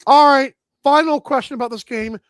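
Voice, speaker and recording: A man hosting a sports talk show, energetic and rambling with lots of filler words. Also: extremely high pitch, moderate pace, no echo.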